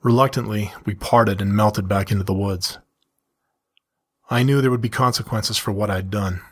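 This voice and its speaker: In a slightly rough, lowish voice, this middle-aged man calmly and steadily reads aloud a story he wrote in the first person, then turns to address the audience candidly.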